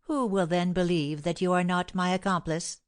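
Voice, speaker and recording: A woman's voice: lowish voice, steady tone, moderate pace, clear, resonant tone, natural voice. Woman reading as a cold, scheming young wife. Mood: contemptuous. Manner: cold, insistent, contemptuous.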